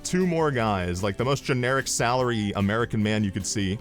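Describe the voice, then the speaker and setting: A male streamer telling a comedic story in a rambling, animated way with deadpan asides. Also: fairly low pitch, fairly quick, soft background music.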